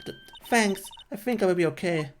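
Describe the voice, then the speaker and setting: A man's voice: high-pitched, lively intonation, fairly quick, a little hiss or hum, pitched above the performer's own voice. A man voicing a shy young woman sidekick, small and apologetic, reading game dialogue. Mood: timid.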